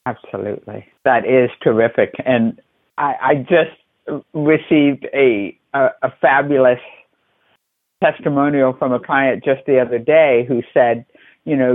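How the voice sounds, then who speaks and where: Effusive husky-voiced man hosting, phone-thin sound. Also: mid-range voice, steady tone, a little slow, no echo. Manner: effusive and emphatic, heaps on praise. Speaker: podcast host. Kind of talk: conversational interview. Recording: thin phone-like line, dry.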